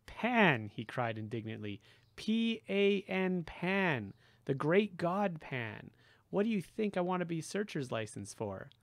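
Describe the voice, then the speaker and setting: A man voicing a gentle, idealistic young male satyr who talks mournfully and turns indignant. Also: mid-range voice, sing-song, a little fast, gravelly, hardly any pauses, dry recording.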